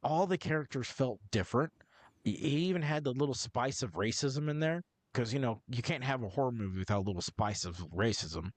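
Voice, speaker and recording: A man's voice: mid-range voice, lively intonation, a little fast, no echo. A man co-hosting a podcast in casual movie-review chat, cursing often and restarting his sentences as he rambles. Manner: profane, rambling, self-interrupting. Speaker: podcast co-host.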